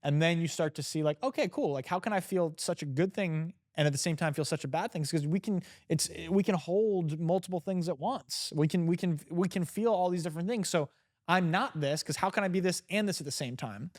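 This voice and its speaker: Sitting indoors in a chair, this male entrepreneur speaks as a podcast guest about emotions and self-awareness. His voice runs high, a bit fast and somewhat mellow, and his reflective, coaching delivery keeps breaking off into restarts.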